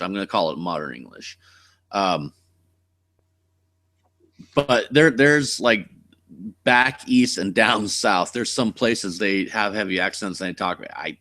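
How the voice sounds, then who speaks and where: A man's voice: on the low side, expressive, slow pace, long pauses, sharp tone, no echo. A man with a West Coast American accent chatting casually on a live stream as the channel host, blunt, rambling and cursing freely.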